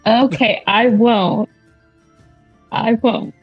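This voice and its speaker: A woman's voice: fairly high pitch, steady tone, drawn-out words, slightly rough, dull audio, soft background music. A woman playing a tabletop role-playing game, teasing the others and laughing. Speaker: player. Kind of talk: tabletop role-play banter.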